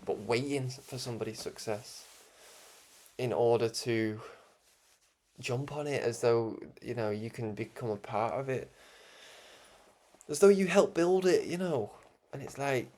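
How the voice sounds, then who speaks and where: A man's voice: mid-range voice, unhurried, pauses often, a little mellow. A man with a Scouse accent hosting his own broadcast, talking through his thoughts in a rambling, reflective monologue that keeps restarting and breaks into chuckles. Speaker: broadcast host.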